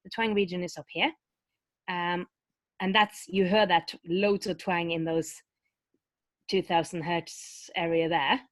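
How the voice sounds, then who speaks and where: With no room sound, a woman with a lowish voice speaks unhurriedly and fairly evenly, leaving long pauses. As a vocal coach teaching technique in a webinar that includes sung demonstrations, she talks loosely, full of fillers and restarts.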